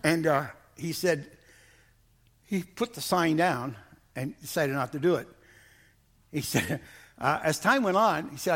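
A man's voice: a little high, unhurried, pauses often, breathy edge. Folksy man preaching a sermon. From Missouri. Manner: folksy, repeats words, rising emphatic bursts. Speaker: pastor.

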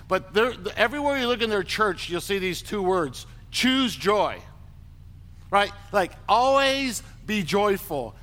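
A man's voice: high voice, sharp tone, in a large hall. A male pastor giving a conversational sermon, often repeating words and calling for the congregation to answer. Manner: conversational, repeats words, asks the crowd to respond.

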